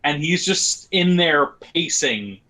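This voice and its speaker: Male player, bright timbre, very slow descriptive narration. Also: fairly high pitch, lively intonation, poor audio. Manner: slow, descriptive narration of his character's actions. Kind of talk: tabletop role-play over a call.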